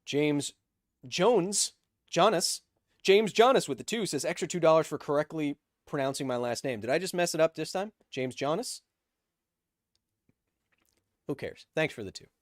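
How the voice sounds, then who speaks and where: A man's voice: fairly high pitch, expressive, quick pace, few pauses, no room sound, clean studio sound. A man hosting a live stream, reading chat messages aloud with jokes and tangents while explaining science casually.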